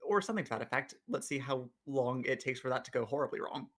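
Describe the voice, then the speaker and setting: A man's voice: mid-range voice, lively intonation, fast talker, a bit bright. A man playing in a tabletop role-playing game, casually describing his character's actions with dry jokes. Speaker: player.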